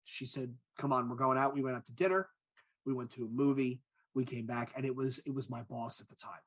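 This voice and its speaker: A man's voice: mid-range voice, brisk, darkish tone, breathy edge. A man in his forties, a podcast co-host and agile coach, telling stories in a candid, self-mocking way in casual chat. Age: 40s.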